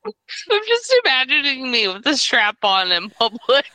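Woman, podcast co-host, bright tense voice, higher pitch, giggly, self-deprecating, dry close sound. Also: big pitch swings, unhurried, no echo. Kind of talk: casual chat.

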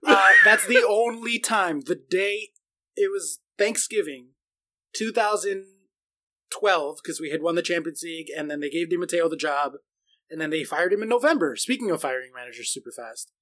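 A man co-hosting a podcast in casual chat, swearing freely, animated and jokey. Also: on the high side, moderate pace. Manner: football fan. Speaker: podcast co-host.

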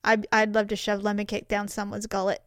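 A woman's voice: mid-range voice, fairly quick, dry recording, clean studio sound. A woman telling family stories in casual chat, acting out the voices of the people in them. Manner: animated, acts out voices of family members while telling stories.

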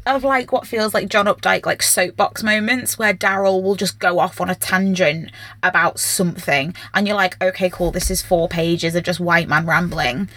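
Una mujer con acento británico co-presentando un pódcast sobre libros, resumiendo la trama con ironía seca. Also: female voice, on the low side, steady tone, moderate pace, fairly bright tone, no room sound. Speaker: podcast co-host. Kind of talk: casual book-club chat.

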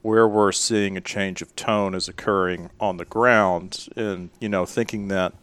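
A man from Memphis, Tennessee, with a very deep voice answers as a podcast guest. He speaks in a relaxed, measured way, and his phrases often trail off. The sound is dry and close. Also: clear, resonant tone, no echo. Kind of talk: casual podcast interview.

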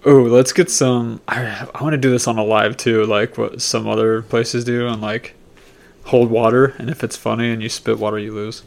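A man's voice: medium pitch, flat delivery, moderate pace, vocal fry. A man hosting a casual chat, trading dad jokes with friends, laughing often and swearing when a punchline lands. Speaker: host.

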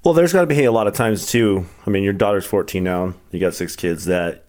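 A man's voice: low-pitched, a little fast, a little mellow. A man hosting a casual interview, chiming in with brief, supportive remarks. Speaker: podcast host.

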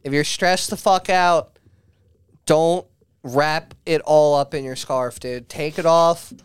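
Podcast co-host, male, rambling profane banter, very clear crisp voice, dry close mic. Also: fairly high pitch, steady tone, takes it slowly, no room sound. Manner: profane, rambling, laughs often, says "dude" constantly.

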